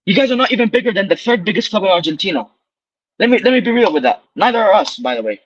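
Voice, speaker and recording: Fired-up high-voiced man ranting. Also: sing-song, very fast, no room sound, muffled recording. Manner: heated, ranting, repetitive. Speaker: caller. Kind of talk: casual chat.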